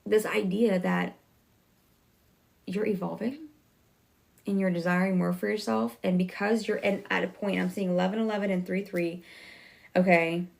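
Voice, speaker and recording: A woman giving a casual tarot reading to her viewers, talking fast and chatty, correcting herself as she goes. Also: mid-range voice, steady tone, creaky. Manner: talks fast, self-correcting, chatty and reassuring. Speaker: tarot reader.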